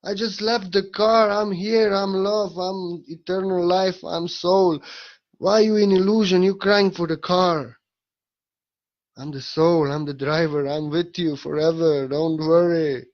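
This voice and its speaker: A man speaking as the soul of a departed loved one, gently reassuring those who grieve, in a dull lo-fi recording. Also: sits high, steady tone, a little slow, voice pushed up.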